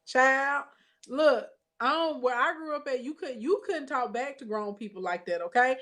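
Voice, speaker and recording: A woman's voice: moderate pace, a bit bright. A woman telling a story in a casual monologue, emphatic and sassy, often checking in with her listeners. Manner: emphatic, sassy, with frequent "okay?" check-ins; says she has bass in her voice. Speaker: online business coach and vlogger.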